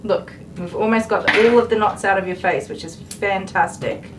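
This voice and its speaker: A woman's voice: medium pitch, normal speed, noisy background. An Australian woman grooming a dog on a live stream, coaxing it in a soothing way while chatting to her viewers.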